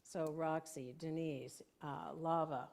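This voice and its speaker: A woman's voice: low voice, fairly even intonation, slow pace, vocal fry, darkish tone. An older woman minister giving a conversational sermon in a church sanctuary, telling stories and laughing often.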